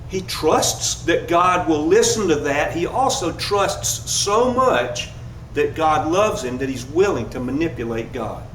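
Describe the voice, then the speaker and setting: A man giving a sermon, telling a lively personal story and laughing at himself as he goes. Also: fairly high pitch, slight background noise. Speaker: pastor. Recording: echoey room, mic at a distance.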